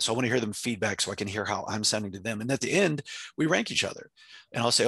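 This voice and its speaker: A man speaks with passionate intensity, his gravelly, husky voice pushing forward at a quick clip. His tone is bright and forceful, and he leans hard on his points. The sound is dry and close. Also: fairly low pitch, lively intonation, no echo. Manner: intense, emphatic, acts out his own quoted speech. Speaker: company president and CEO, guest. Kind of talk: passionate interview answer.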